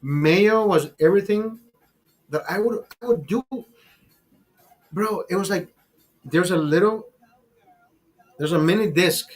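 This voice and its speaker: A man hosting a casual podcast, telling a long profane story in a rambling, animated way. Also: high voice, a little slow, long pauses, breathy edge. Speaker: podcast host.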